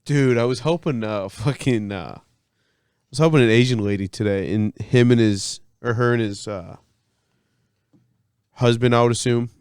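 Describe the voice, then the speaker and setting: A young man co-hosting a podcast, relaxed in casual chat and swearing casually. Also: medium pitch, moderate pace, pauses often, clear, resonant tone, dry recording, studio quality. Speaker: podcast co-host.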